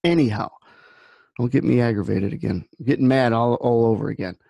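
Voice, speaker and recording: A man's voice: medium pitch, a little fast, vocal fry, dark tone, no echo, lo-fi sound. A man hosting a trading room, giving blunt market commentary that wanders into personal stories. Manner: blunt, rambling storyteller.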